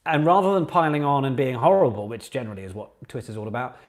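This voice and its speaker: A man hosting a live online pub quiz for charity, chatty and animated, breaking into sung quote answers now and then. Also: mid-range voice, quick pace.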